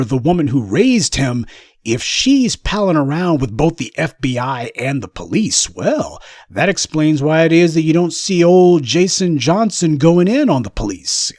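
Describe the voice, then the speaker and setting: A man's voice: fairly high pitch, darkish tone, dry recording, clean studio sound. A man giving a sarcastic, combative commentary monologue as the host of his own channel. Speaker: political commentator.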